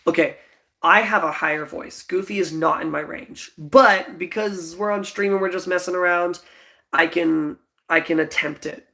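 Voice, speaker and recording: A man's voice: high-pitched, measured pace, vocal fry, sharp tone. A young man in his twenties, chatting with viewers and rambling casually, with lots of fillers and frequent giggles. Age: 20s. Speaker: livestream host. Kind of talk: casual livestream chat.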